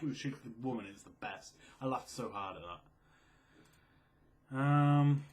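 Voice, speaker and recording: A quiet, low-key young man in casual chat, reading out and answering viewer questions. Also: lively intonation, normal speed, pauses often. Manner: quiet, low-key, self-described mellow and sleepy.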